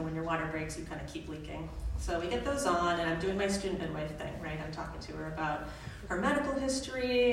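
A woman, a student midwife, telling a personal story on a live stage with comic, self-mocking delivery. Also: on the low side. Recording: echoey, distant live hall recording with background noise.

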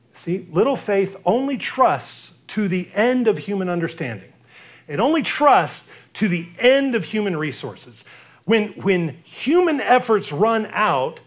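Guy preaching a sermon, pretty high voice, acts out the quotes. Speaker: pastor.

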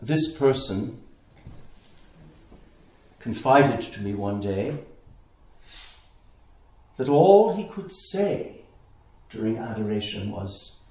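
Man, priest, meditative sermon, lively intonation, heavy church echo. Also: medium pitch. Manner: slow, contemplative, with long pauses. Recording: echoey church interior.

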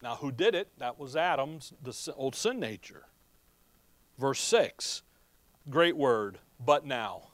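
A man preaching a sermon, asking his listeners questions and answering them himself, with swings between emphatic bursts and quiet asides as he reads scripture aloud. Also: mid-range voice, expressive, slow, dry recording. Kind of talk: expository sermon.

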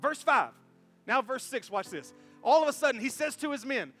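A man preaching a sermon as pastor, animated and conversational, full of rhetorical questions to the congregation. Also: very high-pitched, moderate pace, faint music behind.

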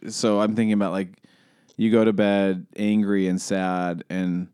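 A man's voice: low voice, measured pace, clean tone, dry recording, clean studio sound. A man in casual podcast chat, joking and acting out little scenarios. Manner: animated, jokey, acts out scenarios.

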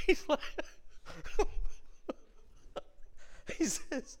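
A man, a pastor teaching a Bible study, who swings from shouted emphasis to quiet storytelling. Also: fairly high pitch, animated, moderate pace. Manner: preacher who shouts for emphasis, then tells stories softly.

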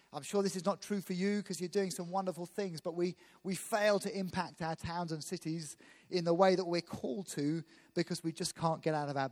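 A man from England preaching a sermon quickly and emphatically, turning to the congregation with asides. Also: high voice. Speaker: visiting pastor. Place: church hall. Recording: echoey church hall.

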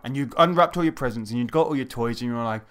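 A man's voice: medium pitch, rapid-fire, heavy background noise. A man co-hosting a podcast, chatting casually in an easygoing, hesitant way. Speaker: podcast co-host. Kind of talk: casual chat.

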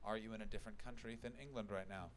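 A man with a North American accent doing stand-up crowd work, fast and sarcastic with plenty of swearing, on a club stage. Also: lowish voice, fairly even intonation, slight background noise, poor audio. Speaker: stand-up comedian. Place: comedy club stage with live audience. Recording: live room with loud crowd laughter. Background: audience laughing.

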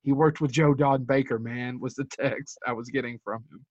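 A man hosting a casual interview, chuckling along and asking relaxed follow-up questions. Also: medium pitch, moderate pace, dry recording, highs cut off. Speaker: podcast host.

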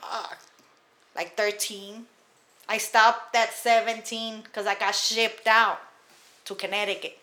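A woman's voice: medium pitch, level tone, slow pace, pauses often, bright, forceful tone. A young adult woman co-hosting a casual podcast chat, talking bluntly and with lots of swearing. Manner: blunt and profane, recounting her youth with laughs. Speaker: podcast co-host. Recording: echoey room.

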